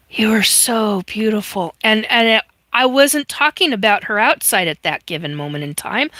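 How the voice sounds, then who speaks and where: A woman hosts a live stream and speaks slowly, taking her time. Her voice is bright and forward, and the sound is close and dry. She tells her story earnestly and emphatically and keeps restarting her sentences. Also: fairly high pitch, no echo. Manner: occasional mild swearing. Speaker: host. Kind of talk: casual live-stream chat.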